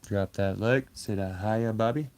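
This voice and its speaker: A man's voice: on the low side, a little slow, darkish tone. A man in his thirties from Canada, streaming live, chatting casually, swearing bluntly and cooing at his cat in a raised voice.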